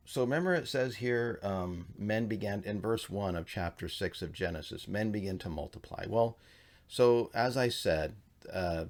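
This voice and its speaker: A man with a somewhat low voice teaches religious history in a loose, conversational way. He rambles and piles on fillers. He slips into animated storytelling as he explains. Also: gravelly. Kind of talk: casual teaching talk.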